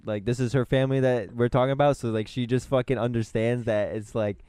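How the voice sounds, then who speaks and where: Quick slangy podcast host guy, smooth clean voice. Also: medium pitch, fairly even intonation, warm tone, no room sound, studio quality. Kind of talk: casual chat.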